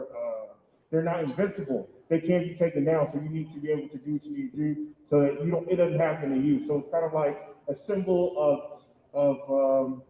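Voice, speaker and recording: A man's voice: a little high, mellow. A man moderating a convention panel, upbeat and encouraging toward fans. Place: large convention hall. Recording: echoey hall.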